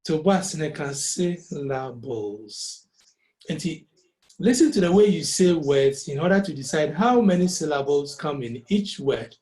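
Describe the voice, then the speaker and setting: A man's voice: a little high, lively intonation, moderate pace, a little mellow, poor audio. A man teaching a music lesson over a call, explaining step by step and slipping Twi phrases into his English. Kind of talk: online lesson.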